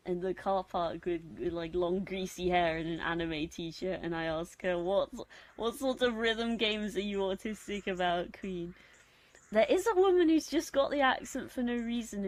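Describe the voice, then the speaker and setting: A woman with a posh British accent and a husky, deepish voice, chatting casually on a late-night stream in a rambling, giggly, self-mocking way. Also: dry recording. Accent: posh British English. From Britain. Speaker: live streamer.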